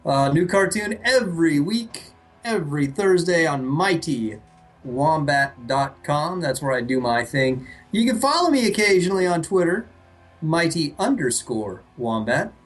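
A man's voice: fairly high pitch, sing-song, a little slow, fairly bright tone, soft background music. A man co-hosting a comedy podcast, teasing in a dry way during casual banter. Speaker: podcast co-host and cartoonist. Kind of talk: casual banter and joke telling.

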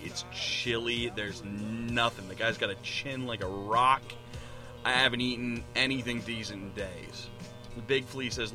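A man guesting on a podcast, rambling through a dirty joke with hesitant starts. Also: lowish voice. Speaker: podcast guest, band member. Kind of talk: casual chat, telling a joke.

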